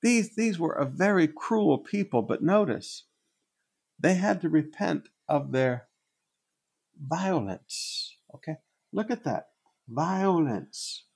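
A man preaching a sermon, with a gravelly, husky voice, repeating phrases for emphasis. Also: fairly high pitch, sing-song, slow pace, pauses often, darkish tone. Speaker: pastor.

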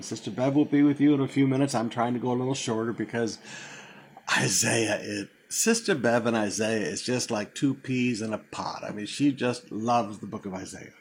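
A man's voice: mid-range voice, slightly rough. An older man preaching a sermon, teaching through a Bible passage in a conversational way, with asides and repeated phrases. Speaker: pastor.

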